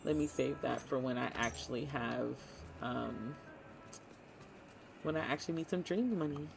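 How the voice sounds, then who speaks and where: A woman streamer chatting casually and excitedly to her viewers while she plays a cozy game, often talking to the game itself. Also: extremely low pitch, unhurried, gravelly, background noise. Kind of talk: casual gaming stream chat.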